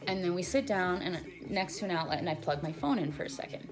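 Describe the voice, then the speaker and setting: A woman's voice: fairly low pitch, expressive, fast. A young woman in her twenties telling a long, rambling personal story in a casual vlog, full of "like" fillers. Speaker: vlogger. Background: music.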